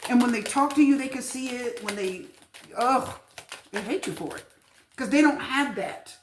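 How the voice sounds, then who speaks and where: A fairly high-voiced woman gives a casual tarot reading straight to camera, chatty and emphatic, circling back to repeat her points. Her voice rings in an echoey room, picked up by the camera mic. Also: moderate pace, slight background noise. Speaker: tarot reader.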